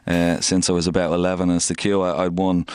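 A man's voice: low voice, completely flat delivery, fast talker, darkish tone, clear, resonant tone, no room sound. A man in his forties from Ireland, a studio guest telling a long story in a rambling, chatty way with many restarts. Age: 40s. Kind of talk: casual storytelling chat.

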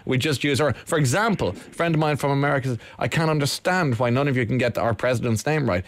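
Teasing Irish radio host, dry sound. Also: male voice, medium pitch, quick pace, few pauses, no echo. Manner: teasing, joking. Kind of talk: casual chat.

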